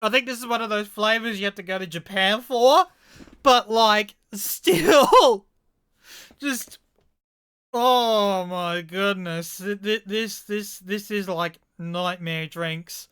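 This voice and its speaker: Incredulous swearing woman vlogger, slow dry delivery. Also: mid-range voice, fairly bright tone, clean tone, dry recording. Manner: incredulous, swearing, laughing, stammering in disbelief. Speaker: vlogger reacting to odd sodas. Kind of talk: casual reaction commentary.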